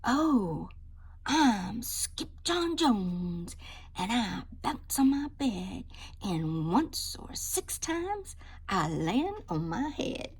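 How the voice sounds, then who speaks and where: An excitable young boy kitten, put on by a woman reading aloud, squealing and sing-song. The voice is high and swoops all over, a little husky at the edges. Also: extremely slow, full character voice. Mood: playful.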